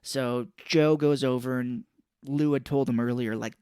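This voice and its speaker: A man's voice: medium pitch, fairly even intonation, a little slow, warm tone, smooth, no echo, clean studio sound. A man co-hosting a podcast, casually retelling a movie plot in a rambling way and swearing offhand. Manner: rambling storyteller who acts out characters and swears casually. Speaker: podcast co-host.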